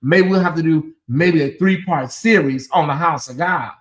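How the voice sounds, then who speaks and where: A man with a notably high voice hosts a livestream, talking straight to his chat. He chats in an animated way and breaks into laughter often. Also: moderate pace. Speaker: host.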